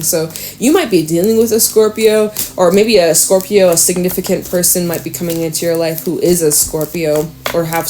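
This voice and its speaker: Chatty tarot-reading woman, low voice. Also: slight background noise. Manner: chatty, swears and laughs, excitable bursts. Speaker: tarot reader.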